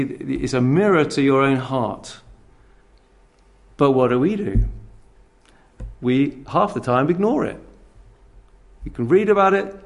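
Gravelly-voiced man preaching a sermon. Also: medium pitch. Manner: conversational, with frequent restarts.

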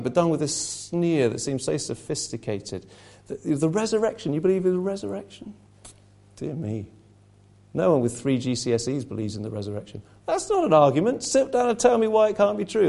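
A man's voice: fairly high pitch, sing-song, a little fast, creaky, a little mellow. A man preaching a sermon, impassioned and rhetorical, slipping into mocking asides.

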